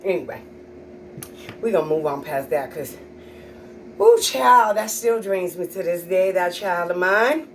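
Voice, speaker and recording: Sassy, animated woman telling stand-up stories. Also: on the low side, measured pace, long pauses, distant mic, a little hiss or hum, rough recording. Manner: sassy, animated, blunt and profane. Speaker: comedian. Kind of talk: stand-up storytelling.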